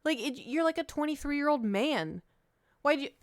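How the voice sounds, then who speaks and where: A woman's voice: high-pitched, moderate pace, no room sound, studio quality. A woman streamer chatting casually and animatedly, hopping from one story to the next. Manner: chatty and animated, jumping between stories. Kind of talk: casual chat.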